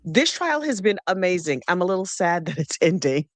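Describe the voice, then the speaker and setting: Sassy, gossipy woman with a lively voice. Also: lowish voice, fairly quick, no echo. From New Jersey. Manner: sassy, gossipy, theatrical asides. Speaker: true crime co-host. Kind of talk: casual chat.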